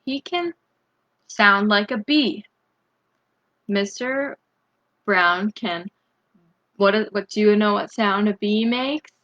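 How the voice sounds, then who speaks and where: Slow gentle woman reading a picture book. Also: mid-range voice, dull audio. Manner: slow, gentle, asks the young listeners questions; bursts into loud animal noises. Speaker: storytime reader.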